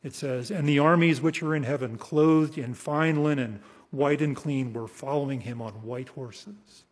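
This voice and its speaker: This expository sermon comes from a man whose mid-range voice has a slight huskiness. He stresses key words forcefully, slows considerably when reading scripture, and lets the ends of phrases fade softly, all within the long reverb of what sounds like a large hall.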